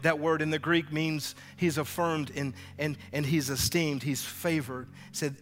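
Male pastor, high bright voice, animated sermon, echoing church hall with faint music. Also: normal speed, hardly any pauses. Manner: animated preaching, acts out biblical dialogue. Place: church sanctuary.

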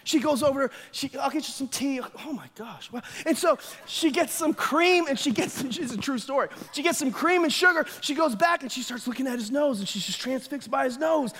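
Man, pastor, lively sermon, very high voice, reverberant church hall. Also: fairly quick, hardly any pauses. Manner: energetic, animated storytelling with acted quotes. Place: church sanctuary.

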